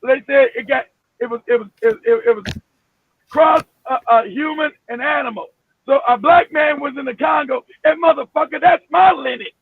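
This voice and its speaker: A man hosting a live stream, ranting with emphasis and profanity, often shouting and repeating himself. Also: very high-pitched, normal speed, no echo. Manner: repeats himself, many restarts. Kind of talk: heated live-stream rant. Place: home in Florida. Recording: phone-like, dry, narrow sound.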